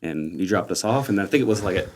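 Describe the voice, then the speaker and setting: A man's voice: low voice, lively intonation, very fast, slight background noise. A man hosting a podcast, telling stories in casual chat and laughing often. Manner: laughing storyteller.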